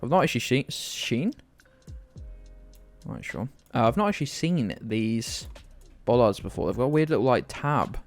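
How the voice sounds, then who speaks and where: A man's voice: mid-range voice, animated, moderate pace, pauses often, soft background music. Self-mocking British man streaming. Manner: rambling, self-mocking, chatting to viewers. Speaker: game streamer. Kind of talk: casual live-stream commentary.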